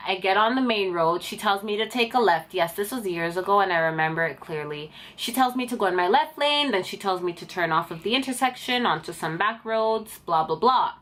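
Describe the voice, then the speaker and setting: A woman's voice: mid-range voice, a little fast, few pauses. A young woman telling an indignant story to camera in a casual vlog. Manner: animated and indignant, talks to camera. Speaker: vlogger.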